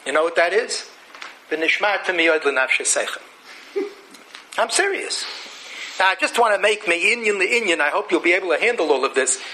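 A man giving an animated Torah lecture. He mixes Hebrew and Yiddish terms into his English and poses rhetorical questions before answering them himself. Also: sits high, normal speed, long pauses, slight background noise, low-quality recording.

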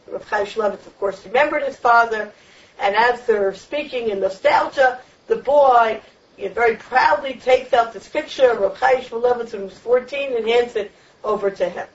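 A woman with a high voice teaches a Torah lecture, driving her points home through repeated, emphatic phrases. She sits well away from the microphone. The recording is muffled and lo-fi. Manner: emphatic, repetitive preaching cadence. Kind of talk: Torah lecture on the weekly portion. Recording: distant, dull lo-fi room recording.

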